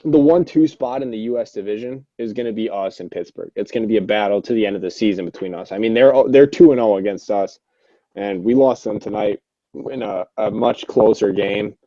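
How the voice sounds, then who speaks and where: A young man co-hosting a casual podcast about an online hockey league, rambling and excitable, swearing freely and restarting his sentences a lot. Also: fairly low pitch, fairly quick, dry recording. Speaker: podcast co-host. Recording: dull, lo-fi, dry sound.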